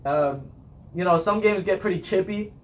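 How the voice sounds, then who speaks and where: A man's voice: high voice, moderate pace, slight background noise. A young man, a marching band captain, chatting casually on a podcast, talkative and laughing often as he acts out his cheers.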